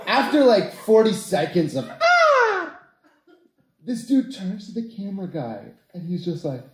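A man's voice: high voice, expressive, normal speed, reverberant, very noisy. A young man doing a stand-up set, telling crude stories animatedly and firing asides at the crowd. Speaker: stand-up comedian.

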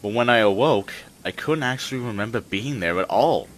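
A man voicing an anxious, eager young male tank engine with a high, emotional voice. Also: lively intonation, a little fast, slight background noise, natural voice. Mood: worried. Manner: high, emotional, stammering when upset. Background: music.

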